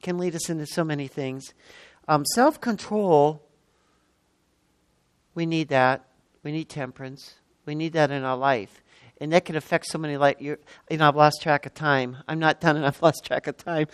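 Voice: mid-range voice, moderate pace, no room sound. A preacher in their sixties delivering a sermon, stressing and repeating key words with frequent exclamations. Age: 60s.

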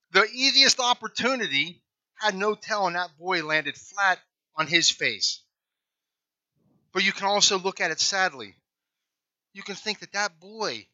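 Male pastor, folksy storytelling sermon, bright tense voice, slightly high, dull dry lo-fi recording. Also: dry recording. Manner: folksy, conversational.

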